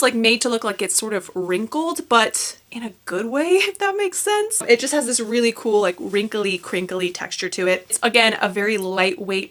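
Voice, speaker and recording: A woman in her thirties with a light lilt chats casually through a fashion try-on haul. Her voice is bright and forward, and she gushes over every piece with chatty, filler-rich enthusiasm. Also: mid-range voice. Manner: chatty, gushing, many filler likes. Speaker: fashion YouTuber.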